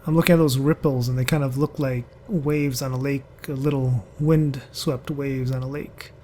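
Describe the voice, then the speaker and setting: A man's voice: mid-range voice, steady tone, normal speed, dark tone, slight background noise. A man giving rambling, chatty commentary over a driving game, talking to other drivers as he goes. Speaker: gaming channel host. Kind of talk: casual gameplay commentary.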